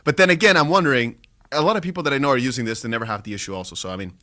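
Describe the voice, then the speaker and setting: A man hosting a casual livestream, animated and chatty with his viewers. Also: medium pitch, racing. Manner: animated, laughing, talks to viewers as lads. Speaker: livestream host.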